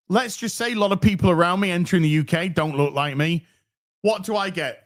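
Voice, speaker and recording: A man's voice: high voice, normal speed. A British man telling a story in casual chat, sarcastic and swearing often, acting out both sides of an exchange. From Britain. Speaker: podcast host.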